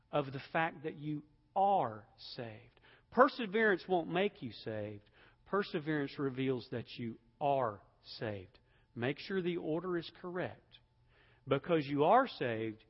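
A man with a slightly high voice delivers an emphatic sermon, rising to loud peaks and falling back to quiet, low stretches. The recording is somewhat dull, and his words ring out in a long hall reverb, as in a church sanctuary. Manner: emphatic preaching, building to loud peaks then dropping low. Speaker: pastor.

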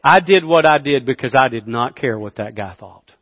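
A man in his fifties preaching a sermon, mid-pitched and storytelling, dropping to near whispers and rising to loud bursts as he laughs at himself. His voice rings out in a large hall with a long, lingering reverb. The sound is somewhat dull and muffled. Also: expressive, normal speed. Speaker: pastor.

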